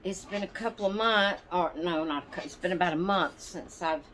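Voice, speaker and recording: A woman's voice: lowish voice, moderate pace, fairly bright tone, a little hiss or hum. A woman hosting her doll channel, chatting casually and rambling to viewers with plenty of ums and asides. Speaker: doll channel vlog host.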